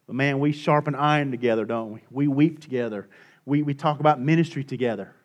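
Preaching fairly quickly in a medium-pitched voice, a middle-aged pastor alternates between quiet and loud passages and repeats points to drive them home.

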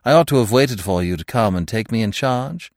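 A man voicing a suave, teasing young gentleman thief who talks in a playful, mock-affectionate way. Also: mid-range voice, wildly swooping pitch, measured pace, no echo, studio quality, heavily acted.

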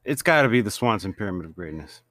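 A man recapping a TV show from home in a casual, animated way, laughing often and acting out lines. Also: on the low side, fast, no room sound, clean studio sound. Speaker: TV show reviewer.

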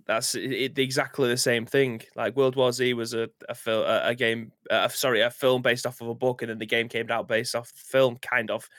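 A man's voice: mid-range voice, little pitch movement, moderate pace, hardly any pauses, a bit bright, no echo, studio quality. A man co-hosting a casual gaming news chat, easygoing and hedging his opinions. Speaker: co-host.

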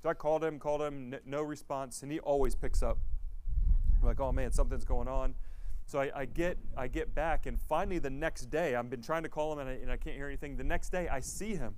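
A man giving a sermon in an earnest, animated way, telling personal stories as a missionary speaker and acting out what people said. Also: mid-range voice, brisk, slight background noise. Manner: earnest, animated, acts out quoted speech. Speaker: missionary guest speaker at a church.

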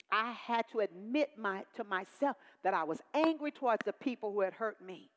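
A woman in her sixties from Texas, preaching a personal testimony with call-and-response emphasis. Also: medium pitch. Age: 60s. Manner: call-and-response preaching, rising to emphatic peaks then dropping soft. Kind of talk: testimony sermon. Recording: long hall reverb.

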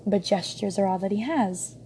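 A woman's voice: mid-range voice, moderate pace, dark tone. Young woman, casual book review, rambling, faint background hiss. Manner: rambling, many ums and restarts.

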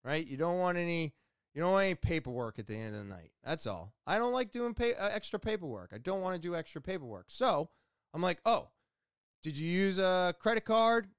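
A man in his forties, a longtime retail worker, casually retelling an exasperating story in an animated way. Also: on the high side, fast, dry recording, studio quality.

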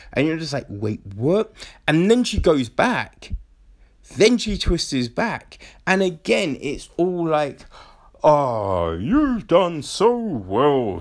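A man casually reviewing a TV series, asking rhetorical questions and mockingly quoting characters. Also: medium pitch. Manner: animated, frequent rhetorical "right?", mocking quoted voices.

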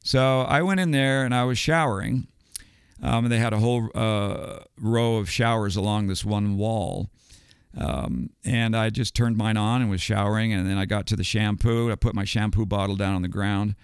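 A man's voice: lowish voice, steady tone, moderate pace, clear, resonant tone, no room sound, studio quality. An older man, a guest and retired educator, telling a story casually with many ums and restarts. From United States.

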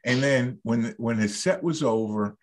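Husky guy hosting a podcast, tells stories and does the voices. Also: medium pitch, measured pace. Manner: lively anecdotes, acts out quoted hecklers. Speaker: podcast host. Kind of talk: casual podcast conversation.

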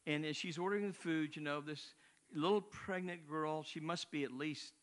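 A man's voice: fairly high pitch, normal speed, a bit bright. An older man, a missionary, preaching a sermon in a conversational, rambling way with asides.

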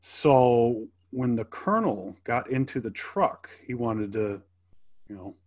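A man in casual conversation, telling old army stories with animated acted-out quotes and frequent laughter. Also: medium pitch, slow. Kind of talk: casual storytelling chat.

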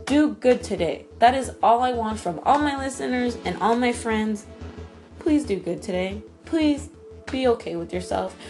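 A woman's voice: fairly high pitch, a little mellow. A young woman hosting a solo podcast, talking in a rambling, emotional way, swearing freely and sounding tired. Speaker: podcast host.

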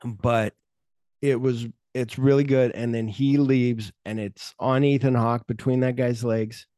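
A man's voice: mid-range voice, fairly even intonation, unhurried, dark tone, dry recording, studio quality. A middle-aged man hosting a podcast, retelling movie scenes in casual chat and swearing freely. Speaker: podcast host.

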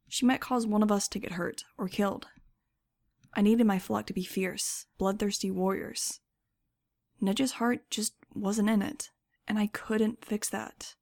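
A woman narrating a first-person audiobook in a wry, measured way. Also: mid-range voice, creaky, darkish tone.

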